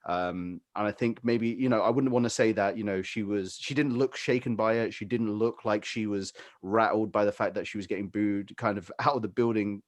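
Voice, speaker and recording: A man's voice: lowish voice, fairly even intonation, normal speed, few pauses, dry recording. A British man co-hosting a fight-sports podcast, talking in a rambling, opinionated way with lots of fillers. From Britain. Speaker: podcast co-host. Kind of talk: casual chat.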